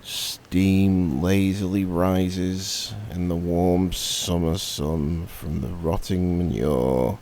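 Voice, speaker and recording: A man with a Northern English accent telling a meditative bedtime story in a relaxed, rambling way, with jokey asides. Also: low voice, slight background noise. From Northern England.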